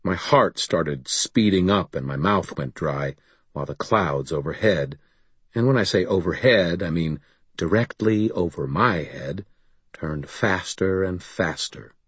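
A man reading first-person fantasy audiobook narration in a measured, deliberate storytelling manner. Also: deep voice, slightly rough, no echo.

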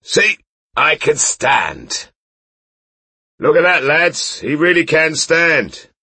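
A man's voice: on the high side, very animated, slow pace, bright, forceful tone, husky, no echo, pitched above the performer's own voice, heavily acted. A man voicing a drunken, disgraced knight who talks with a wistful slur. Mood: tipsy. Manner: slurred, wistful. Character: drunken disgraced middle-aged knight, maudlin, slurring.

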